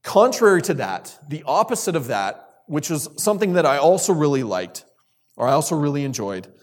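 A man's voice: on the high side, big pitch swings, fairly quick. A man giving a sermon to a youth group, asking the listeners questions and repeating key phrases for emphasis. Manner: asks questions and calls on listeners. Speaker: youth speaker.

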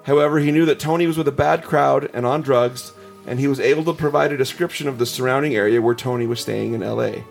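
A man's voice: medium pitch, fast, creaky, few pauses, soft background music. A man hosting a casual podcast, reading ghost stories aloud with chuckles and asides. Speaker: podcast host.

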